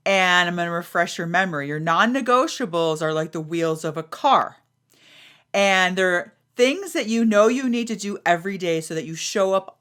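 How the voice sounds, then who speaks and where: A woman's voice: on the low side, a bit bright. A middle-aged woman hosting a podcast, talking frankly and animatedly, swearing freely and acting out what others say. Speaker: podcast host. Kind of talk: casual talk.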